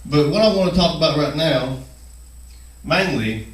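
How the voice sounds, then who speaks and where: A man's voice: a little high, expressive, measured pace, roomy sound, far from the mic, poor audio. A man hosting his own video channel, speaking nervously while chewing gum, with many fillers and restarts. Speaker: channel host. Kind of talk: nervous first-video monologue.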